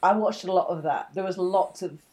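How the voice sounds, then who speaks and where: A woman's voice: lowish voice, moderate pace, darkish tone. A woman co-hosting a podcast in casual chat, blunt, swearing and laughing often. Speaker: podcast co-host.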